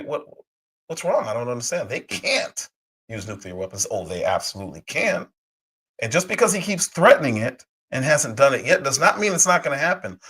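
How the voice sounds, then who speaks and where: A man hosting a political commentary livestream, hoarse from a cold, talking heatedly with rhetorical questions and frequent restarts. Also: fairly high pitch, low-quality recording. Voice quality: husky. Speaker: livestream host.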